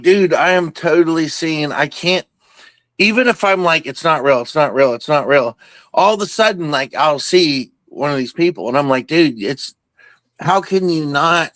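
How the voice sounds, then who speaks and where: A man talking casually in an open Q and A, excitable and rambling, with many restarts and fillers. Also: on the high side, no room sound. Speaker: participant in an open Q and A.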